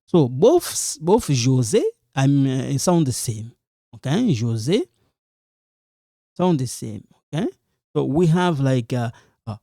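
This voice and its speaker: A man explains pronunciation at a very slow, deliberate pace, repeating each example sentence. His tone is mellow and relaxed. The sound is dry and close, with no room echo. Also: a little high. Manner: slow, repeats example sentences, switches between French and English. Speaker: French teacher. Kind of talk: language lesson explaining pronunciation.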